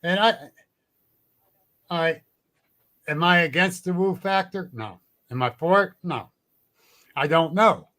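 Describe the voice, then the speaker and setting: Speaking slowly with frequent pauses, a man with a fairly high, bright voice and a forceful tone chats as a guest. He is a cryptid researcher telling stories bluntly, with salty language and frequent laughter, in a casual storytelling conversation.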